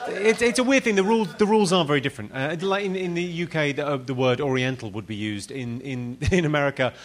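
Man, British accent, comedian guest, dry wit, somewhat high voice. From United Kingdom. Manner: dry, quick-witted banter. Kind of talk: casual chat.

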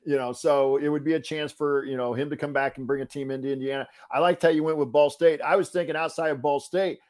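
A man's voice: fairly high pitch, steady tone, quick pace, darkish tone. A man hosts a casual sports chat in a slightly raised voice. He is chatty and keeps jumping in with questions from the chat. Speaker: podcast host.

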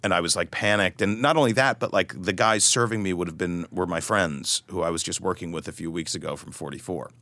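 Deep-voiced man telling stories animatedly. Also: a little fast, few pauses, no echo. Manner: animated, self-deprecating storyteller with many restarts. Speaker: guest, author. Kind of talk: storytelling interview.

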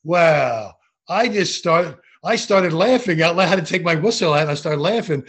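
Give me an older man recounting referee anecdotes in a casual interview, animated, slightly high-pitched. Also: a little fast, slightly rough. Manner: animated anecdotes with restarts and acted quotes. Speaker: guest, former basketball referee.

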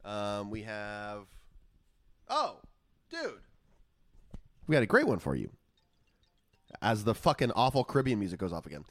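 A man co-hosting a podcast, a few beers in, joking around and laughing easily. His pitch swings in a lively, animated way, and the sound is dry and close with no room around it. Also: measured pace, pauses often, no echo. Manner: joking, laughs often, playful. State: tipsy from beer. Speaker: podcast co-host. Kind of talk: casual chat.

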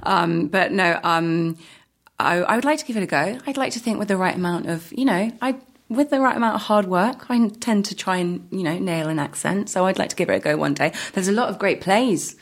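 A woman's voice: mid-range voice, a little fast. A woman, an actor, chatting in an interview, hesitant with many fillers and restarts, laughing often. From Britain. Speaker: actor guest. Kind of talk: casual interview chat.

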